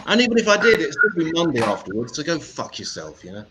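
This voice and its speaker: A comedian doing stand-up as MC, delivering crude, sweary deadpan one-liners. His pitch swings up and down a lot as he talks. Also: a little fast, few pauses, slight background noise, poor audio.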